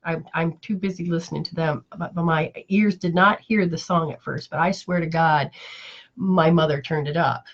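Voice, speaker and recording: A woman's voice: sits low, steady tone, moderate pace, muffled recording. A woman spiritual teacher in casual live chat, telling stories in a rambling, emotional way with many restarts.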